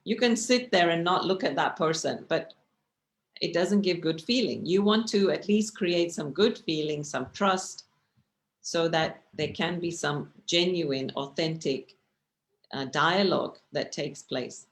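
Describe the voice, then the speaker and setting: A woman's voice: lowish voice, a little slow. A woman teaching a communication class over a video call, talking conversationally and often checking in with the listeners. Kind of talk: online lecture with slides.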